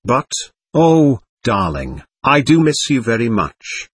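A man's voice: medium pitch, big pitch swings, slow, husky, no room sound, heavily acted. A man reading the lines of an outspoken, affectionate mother spirit. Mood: tender.

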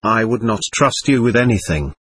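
A man reading the lines of a timid but blunt young woman in an audiobook, in a halting, stubborn way. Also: on the low side, animated, fairly bright tone, breathy edge, no room sound. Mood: distrustful.

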